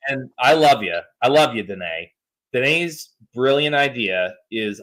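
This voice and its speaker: A man hosting a podcast, chatting casually. He tells stories in a joking, animated way, his voice pitched mid-range. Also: unhurried. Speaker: podcast host.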